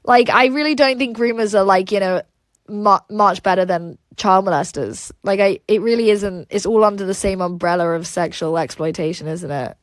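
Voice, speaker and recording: A woman's voice: mid-range voice, moderate pace, dry recording. A woman hosting a casual livestream, reading chat aloud and rambling with lots of "like" and "um" fillers.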